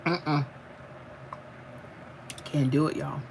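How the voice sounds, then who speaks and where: A middle-aged woman who talks easily and laughs often, drawling "honey" and "y'all" as she chats with viewers. Her voice sits at an ordinary pitch. It is a phone recording in a home kitchen with faint room noise behind her. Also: animated, a little slow. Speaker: livestream host. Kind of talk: casual livestream chat while eating.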